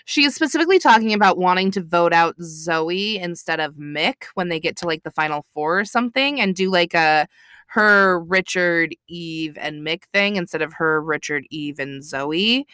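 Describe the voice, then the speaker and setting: A woman's voice: fairly low pitch, animated, normal speed, fairly bright tone, clean tone, no room sound, studio quality. A woman co-hosting a podcast in casual chat, blunt and swearing freely. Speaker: podcast co-host.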